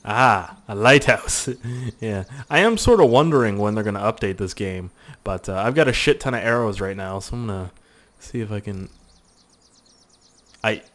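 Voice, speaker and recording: A man's voice: on the low side, normal speed. A young Canadian man with a sore throat giving rambling, profane commentary while playing a survival game. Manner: rambling, profane, excitable outbursts. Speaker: gaming YouTuber. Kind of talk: casual let's-play commentary.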